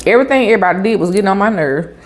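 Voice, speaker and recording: A woman vlogger, telling a story in a chatty, animated way with asides like "honey" and "baby" while she eats. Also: mid-range voice, racing, a little hiss or hum. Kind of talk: casual storytelling while eating.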